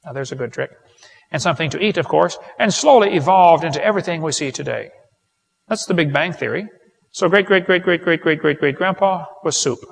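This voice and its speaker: Folksy gravelly man in a big hall. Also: a little high, animated, fairly quick. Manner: joking, folksy, full of rhetorical questions. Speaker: creationist seminar speaker. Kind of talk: folksy lecture to a live audience. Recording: long hall reverb.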